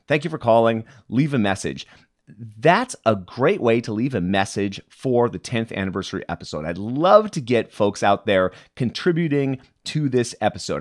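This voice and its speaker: A man hosting a podcast in a chatty, upbeat way, tossing in quick asides as he goes. His pitch swings up and down a great deal, animated and expressive. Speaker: podcast host. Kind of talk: casual news rundown.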